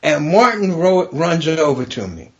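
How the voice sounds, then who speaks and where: Middle-aged comic guy telling a dirty story, kinda high voice, muffled lo-fi mic. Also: measured pace. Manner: profane, animated storytelling with frequent laughter. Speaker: stand-up comedian guest. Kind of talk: casual storytelling. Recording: dull lo-fi podcast recording.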